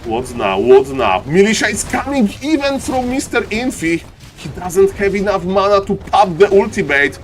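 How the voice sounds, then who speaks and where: As an esports streamer, a man casts a live strategy-game match in a hyped, playful way, using showman patter and rambling asides and repeatedly saying "ladies and gentlemen." His voice is high-pitched at a moderate pace.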